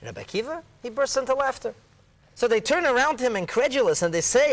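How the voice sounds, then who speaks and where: A man, a rabbi, retelling a Talmud story in a dramatic way, going from hushed to exclaiming and using Hebrew terms. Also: very high voice, lively intonation, fast talker. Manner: peppers speech with Hebrew and Aramaic terms. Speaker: rabbi leading a Talmud discussion.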